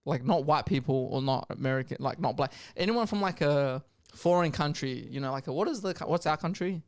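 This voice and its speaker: A young man co-hosting a podcast in casual chat, rambling and joking, laughing often and jumping between mumbles and loud bursts. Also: a little high, brisk. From Australia. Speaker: podcast co-host.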